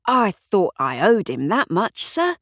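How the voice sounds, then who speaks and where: A man's voice: high voice, wildly swooping pitch, takes it slowly, fairly bright tone, no room sound, clean studio sound, exaggerated voice. A woman voicing a blunt, cheeky young male police constable in an audiobook mystery, with an eager, breathless delivery. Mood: wry.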